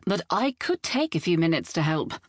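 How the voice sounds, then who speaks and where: A woman's voice: on the low side, very animated, moderate pace, dry recording, clean studio sound. A woman voicing a resolute young woman who speaks firmly and earnestly.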